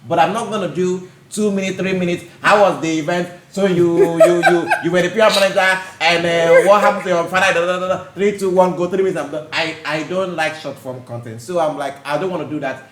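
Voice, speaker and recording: Animated laughing man in an echoey room. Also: high-pitched, fairly quick, few pauses. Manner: animated storytelling, laughs often. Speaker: podcast host. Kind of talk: casual podcast chat. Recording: echoey room with faint noise.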